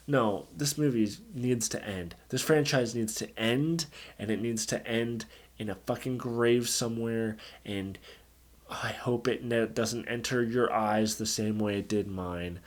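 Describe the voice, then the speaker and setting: A man's voice: on the low side, normal speed. A man ranting angrily through a movie review, swearing often and sounding exasperated. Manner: angry, profane, exasperated ranting.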